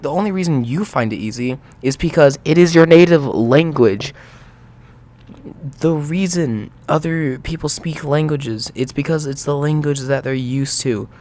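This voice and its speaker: A man's voice: a little high, a little mellow. A young man in exasperated, sarcastic reaction commentary, swearing freely as he rants.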